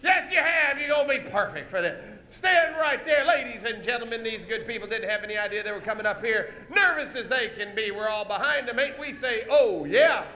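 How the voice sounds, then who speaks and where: Guy with a really high voice yelling jokes at audience volunteers, echoey venue, crowd and music behind. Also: brisk, a little hiss or hum. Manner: loud, teasing, hollering stage patter. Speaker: comedy show host. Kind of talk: live audience-participation comedy. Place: live comedy stage before an audience.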